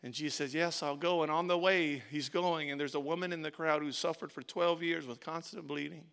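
High bright-voiced preaching pastor. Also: male voice, steady tone, a little fast, gravelly, smooth. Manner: preaching with rising emphasis, repeating phrases. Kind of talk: sermon.

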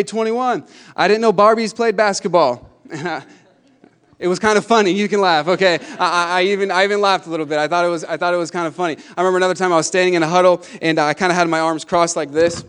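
A young man preaching a sermon, animated and emphatic, building to loud climaxes. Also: a little high, smooth. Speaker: pastor.

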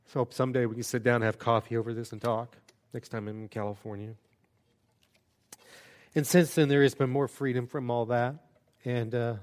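A man's voice: mid-range voice, brisk. A man preaching a sermon as a pastor, earnest and conversational, with self-deprecating asides.

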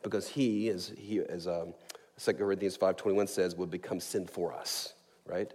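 A man preaching a sermon as a pastor, earnest and emphatic, slowing down to stress key words. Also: low-pitched, steady tone, darkish tone, slightly rough. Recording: long reverb of a large hall.

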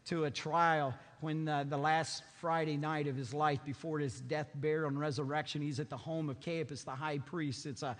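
A man preaching a sermon as pastor, emphatic, swinging widely between loud and hushed. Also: little pitch movement, moderate pace, few pauses, long reverb tail. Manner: emphatic, sweeping swings in pitch and loudness.

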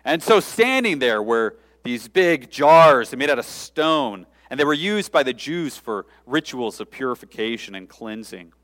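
A man's voice: medium pitch, big pitch swings, measured pace, few pauses, fairly bright tone. A man preaching a sermon, explaining scripture in a conversational, informal way with frequent asides. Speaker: pastor.

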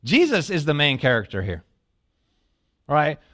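A man preaching a sermon as a pastor, telling a story with lively asides and questions to the listeners, dropping to a hush when quoting prayers. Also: fairly high pitch, moderate pace. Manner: animated storytelling, asks the congregation questions.

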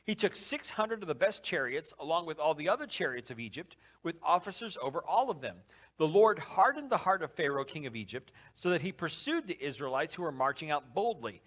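A man preaching a sermon, lively and conversational, acting out quotes from scripture and dropping his voice low for emphasis. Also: a little fast. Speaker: pastor.

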